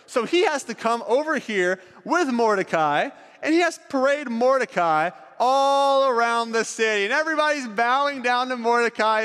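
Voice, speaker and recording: A man retelling a Bible story with volunteers, dramatic and swinging from excited to hushed. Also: extremely high pitch. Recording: reverberant hall.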